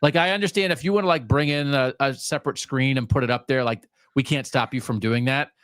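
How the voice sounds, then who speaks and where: A man co-hosting a sports talk podcast, chatting casually and telling rambling, animated stories. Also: medium pitch, fast, no echo. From US Mid-Atlantic region. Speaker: podcast co-host. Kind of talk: casual chat.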